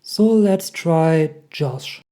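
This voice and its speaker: Very mellow-voiced tutorial host. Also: medium pitch, very slow. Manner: relaxed, thinking aloud while clicking through menus. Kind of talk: casual screen-recorded software tutorial.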